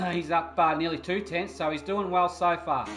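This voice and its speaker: Excitable man commentating sim racing. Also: a little high, normal speed. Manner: excitable, rambling with fillers. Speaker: race commentator. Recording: noisy background of engine sounds. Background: racing car engine noise.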